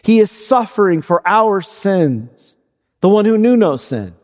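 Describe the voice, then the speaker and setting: A man preaching a sermon as pastor, slow and deliberate, climbing to high emphatic peaks. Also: very animated, a little mellow. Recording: long hall reverb.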